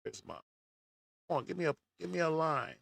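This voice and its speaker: A man's voice: a little high, expressive, brisk, vocal fry, fairly bright tone, no echo. A man hosting casual reaction commentary, talking folksy and straight to his viewers. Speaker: commentary host.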